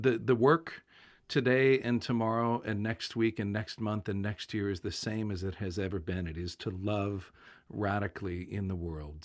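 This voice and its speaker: A male folk singer talking earnestly over a video call in his morning voice. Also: sits low. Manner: earnest, unhurried. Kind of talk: casual chat.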